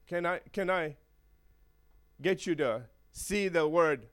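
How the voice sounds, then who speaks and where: A man's voice: high-pitched, big pitch swings, normal speed. A man preaching a sermon in a playful way, chuckling often and checking in with his listeners.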